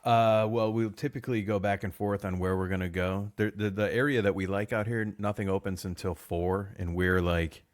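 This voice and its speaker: A man with a very low voice, co-hosting a podcast in loose, casual chat. He tells rambling stories and laughs often, recorded dry and close with no room sound. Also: fairly even intonation, moderate pace, hardly any pauses, no echo. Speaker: podcast co-host.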